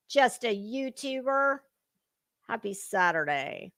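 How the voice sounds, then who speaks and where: Slow, gravelly-voiced woman livestreamer. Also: medium pitch, animated, fairly bright tone, no echo, clean studio sound. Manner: salty, chatty, drawling, with cusswords. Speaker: livestream host. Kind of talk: casual livestream chat, greeting viewers.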